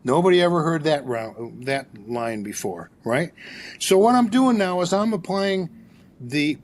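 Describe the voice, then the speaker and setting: A man's voice: fairly high pitch, measured pace. An older man, a therapist guest, telling a story in an interview and acting out the dialogue with energy. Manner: animated storyteller, acts out dialogue.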